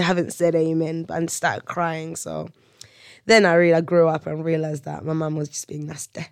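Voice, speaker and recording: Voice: medium pitch, gravelly, dry recording. A podcast host chatting alone in a hotel room, telling stories with comic exaggeration and bursts of laughter. The voice sits mid-range and sounds dry and close. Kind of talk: solo storytelling chat.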